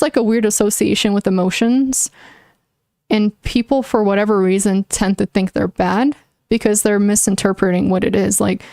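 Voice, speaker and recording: A young woman streams and chats casually with viewers, answering them while thinking aloud in an earnest, opinionated way, full of "likes" and restarts. Her mid-range voice is a little mellow, recorded at studio quality with no echo.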